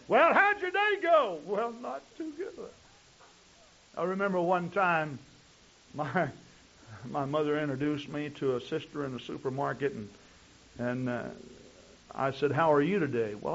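A male pastor preaching a sermon, telling stories in long chains of "and" with frequent restarts. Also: fairly high pitch. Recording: dull lo-fi recording.

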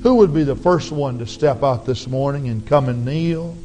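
A man preaching an altar call, his raspy voice earnestly pleading with the congregation to come forward. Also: medium pitch, moderate pace, dark tone, soft background music, low-quality recording. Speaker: pastor. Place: church sanctuary.

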